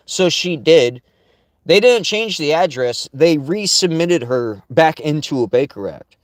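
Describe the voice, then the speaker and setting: A man's voice: on the high side, lively intonation, unhurried, no echo. A man telling a rambling, blunt personal story, swearing freely and restarting his sentences. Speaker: vlogger. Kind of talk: casual storytelling.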